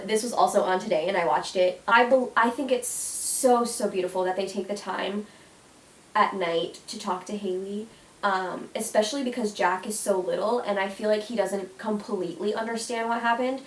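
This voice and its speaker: Gushing young woman in an echoey room. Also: mid-range voice. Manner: gushing, emotional, many "like" and "oh my gosh". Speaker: YouTuber. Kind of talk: casual vlog countdown. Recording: echoey room, mic at a distance.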